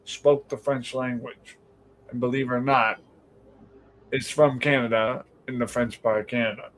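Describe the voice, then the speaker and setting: A man's voice: medium pitch, moderate pace, a little hiss or hum, poor audio. Rambling Boston-accented man streaming. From New England. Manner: rambling storyteller, quotes others in lively voices. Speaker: livestream podcast host. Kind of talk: casual chat, reading viewer comments.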